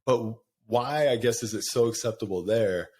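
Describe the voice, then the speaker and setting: A man's voice: mid-range voice, moderate pace, a little mellow. A middle-aged man hosting a podcast, talking candidly in a rambling, casual way and laughing often. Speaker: podcast host. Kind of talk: casual conversation.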